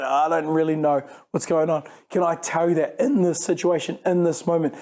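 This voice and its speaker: A man's voice: a little high, mellow. A man preaching a conversational sermon, often restarting phrases and acting out imagined dialogue. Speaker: youth pastor.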